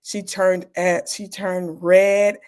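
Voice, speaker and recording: A woman's voice: on the low side, slow. Candid middle-aged woman telling stories. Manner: candid, animated, acts out quoted people. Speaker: guest, medical doctor. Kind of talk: personal storytelling in an interview.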